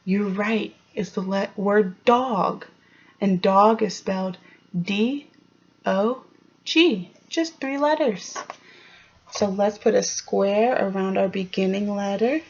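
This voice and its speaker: Slow, patient woman teacher sounding out letters. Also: mid-range voice, lo-fi sound. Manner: sounds out letters, frequent encouraging questions. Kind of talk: slow, clear early-grade phonics lesson. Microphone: home recording for online class.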